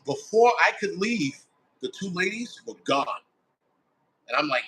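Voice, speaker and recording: A man's voice: fairly high pitch, big pitch swings, a little slow, pauses often, sharp tone, low-quality recording. A man, a firefighter guest, telling a story in a blunt, casual way with heavy swearing, acting out his own quoted thoughts. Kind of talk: casual first-person storytelling.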